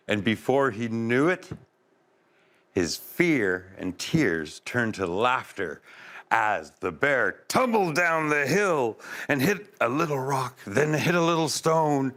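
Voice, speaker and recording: A man telling a story aloud to children, expressive, with sound effects and asides to his listeners. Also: medium pitch. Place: live event space.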